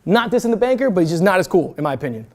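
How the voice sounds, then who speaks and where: A young man in his twenties is talking fast to a room of students, his pitch jumping all over. He is brash and pumped up, and he swears freely as he coaches them. It is a lively motivational talk from a guest speaker. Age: 20s. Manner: energetic, brash, casual with swearing. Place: university event room.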